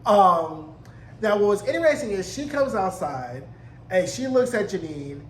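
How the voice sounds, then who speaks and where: Man, high voice, sassy, profane, animated TV recap, echoey room, faint hiss. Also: a little slow. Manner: animated, profane, sassy, acts out character quotes. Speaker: TV recap reviewer. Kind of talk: casual episode recap and commentary.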